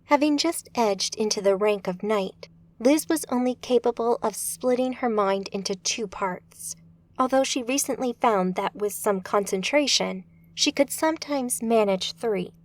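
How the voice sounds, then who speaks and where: A woman narrating an audiobook in a steady, measured way. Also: on the high side.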